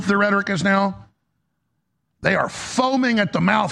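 Heated political talk host guy, high swingy voice, tons of fry, keeps restarting. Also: very animated, fairly quick, long pauses, pushed and bright. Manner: heated, emphatic, frequent restarts. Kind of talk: political commentary rant.

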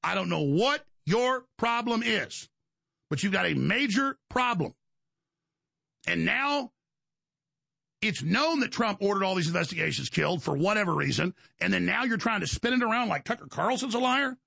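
A man's voice: high voice, expressive, moderate pace, vocal fry, sharp tone, slightly rough, dry recording. A man hosting a talk show, telling angry stories in a rant, with frequent restarts and repeated words. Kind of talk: ranting monologue.

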